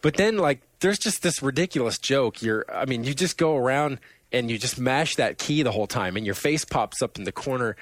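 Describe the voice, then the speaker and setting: A man's voice: mid-range voice, animated, a little fast, no room sound. A man on a gaming podcast, talking casually in a rambling way, laughing often and acting out lines from games. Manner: rambling, laughs often, acts out game taunts. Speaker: podcast co-host. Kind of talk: casual chat about video games.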